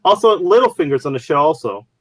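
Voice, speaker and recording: A man's voice: a little high, sing-song, fast talker, a bit bright, dry recording, low-quality recording. Rambling man on a casual podcast. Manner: rambling, many fillers and restarts. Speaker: podcast co-host. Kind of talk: casual chat.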